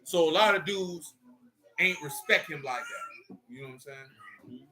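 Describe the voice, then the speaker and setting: A man leading a loose, joking Bible study, talking in animated, teasing slang. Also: fairly high pitch, a little slow, noisy background. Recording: echoey room.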